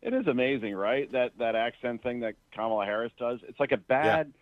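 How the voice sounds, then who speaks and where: A man speaks over a thin, tinny phone line as a guest on a radio show. His pitch swings widely as he fires off exasperated rhetorical questions. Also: no room sound. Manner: animated, exasperated, rapid-fire rhetorical questions. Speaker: guest media critic.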